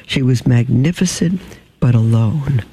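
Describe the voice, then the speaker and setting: A man reading a storybook aloud in a measured, unhurried way, with small slips and some throat clearing. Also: mid-range voice, mellow, rough recording.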